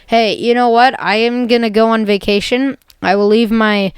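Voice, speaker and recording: A woman's voice: fairly high pitch, fairly even intonation, moderate pace, clear, resonant tone, no echo, clean studio sound, natural voice. A woman voicing a brash, muscled young man with frosted tips in an offhand, casual way.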